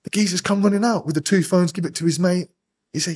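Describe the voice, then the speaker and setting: A man from England in his thirties, a podcast guest telling a rough story fast, swearing constantly and acting out other people's lines. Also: high-pitched. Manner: swears constantly, rapid animated storytelling, acts out voices. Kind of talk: casual storytelling interview.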